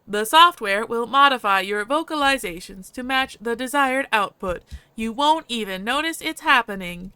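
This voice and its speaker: A woman's voice: a little high, expressive, moderate pace, bright, forceful tone, smooth, dry recording. A woman voicing a sprightly, smug AI companion with a cheerful, self-satisfied manner. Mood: chirpy. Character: sprightly smug AI living in a man's head.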